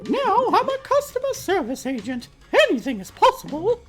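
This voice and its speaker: A brash ex-Viking woman stuck in an office job in a video game, loud and boastful, her voice pitched high and swinging widely, as a woman puts her on. Faint game music sits underneath. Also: huge pitch swings, normal speed, exaggerated voice.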